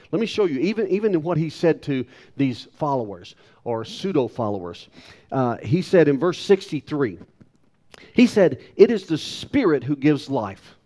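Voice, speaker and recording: Lively preacher man in his sixties. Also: normal speed. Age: 60s. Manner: emphatic preaching with wide pitch swings, self-deprecating asides. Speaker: pastor. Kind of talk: sermon.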